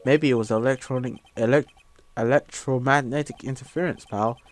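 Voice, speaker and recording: A man voicing an eager, goofy male police detective in a game, talking loud and excitable. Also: medium pitch, moderate pace, no room sound, natural voice. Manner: loud, excitable, keeps saying "pal".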